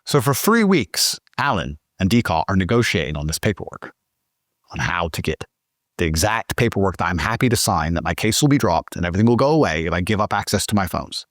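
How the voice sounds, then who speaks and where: A man talks as a podcast guest, telling his story in a heated and profane way. His pitch rises and falls a lot. The room sounds dry, with no echo. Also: sing-song, brisk. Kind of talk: podcast interview.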